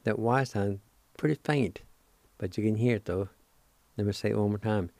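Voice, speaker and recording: A man's voice: fairly low pitch, normal speed, vocal fry, darkish tone, no echo. A man hosting a radio language lesson, patiently spelling out words and repeating each syllable with encouragement. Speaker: radio host teaching a language.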